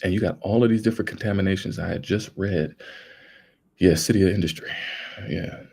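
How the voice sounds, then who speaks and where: A young man speaks casually on his livestream, rambling earnestly and calling his viewers "y'all." His voice sits very low, gravelly with fry and a husky edge. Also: fairly quick, warm tone. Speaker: livestream host.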